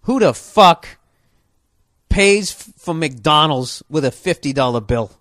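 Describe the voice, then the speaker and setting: A man telling a comic story as a profane rant, animated and full of sound effects. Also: on the high side, slow, no room sound, studio quality.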